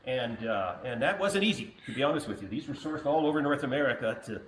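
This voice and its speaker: A man's voice: mid-range voice, lively intonation, quick pace, fairly bright tone. A male snowmobile collector giving an enthusiastic, casual tour of his sleds, explaining each one as he goes. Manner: enthusiastic, explanatory, laughs easily. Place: pole barn. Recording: echoey barn with faint background noise.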